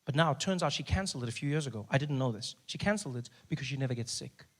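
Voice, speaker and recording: A man doing stand-up storytelling, animated, acting out characters and shouting in bursts. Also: very fast. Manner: animated, acts out characters with big pitch jumps and shouting. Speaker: stand-up comedian.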